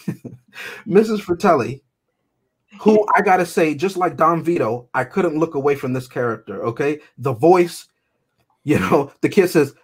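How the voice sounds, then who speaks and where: Podcast co-host, man, somewhat high husky voice, animated jokey chatter. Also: normal speed. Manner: animated, joking, exaggerated outbursts. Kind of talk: casual chat.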